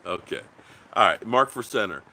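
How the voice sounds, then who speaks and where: Lively, bright-voiced male sports host. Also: lowish voice, moderate pace, a little hiss or hum. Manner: loose and rambling, reads viewer comments aloud; blunt, swears casually. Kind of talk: casual livestream chat.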